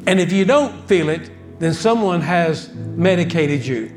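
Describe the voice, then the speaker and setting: Man, preacher, folksy storytelling, high voice, faint music behind. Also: expressive, a little slow, a little mellow. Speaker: pastor. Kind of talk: sermon.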